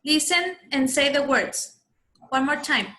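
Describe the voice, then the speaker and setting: A woman's voice: sits high, a little slow, bright, forceful tone. A woman teaching English to children over a video call, patiently coaching their pronunciation and calling on pupils one by one. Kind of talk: online class for children.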